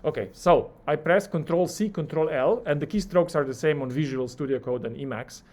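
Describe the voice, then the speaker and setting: A male lecturer with a slightly high voice speaks a little fast while teaching a live coding class. He narrates each keystroke and acts out how the software responds.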